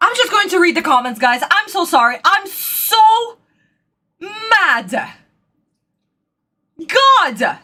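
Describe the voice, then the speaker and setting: Bright, high-pitched excitable woman. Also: takes it slowly, pauses often. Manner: excitable, exclamatory, apologetic rambling. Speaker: reaction video host. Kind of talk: casual reaction commentary. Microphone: desk microphone.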